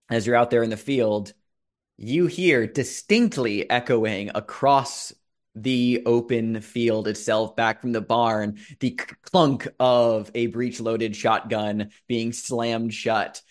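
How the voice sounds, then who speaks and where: Man, game master, casual profane narration, tabletop role-play. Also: mid-range voice.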